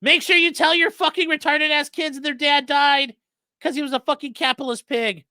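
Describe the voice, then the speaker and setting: A man voicing a ranting male harassing caller in a screeching falsetto, full of profane hate. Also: fairly even intonation, fairly quick, pushed and bright, no echo, exaggerated voice. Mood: shrill ranting.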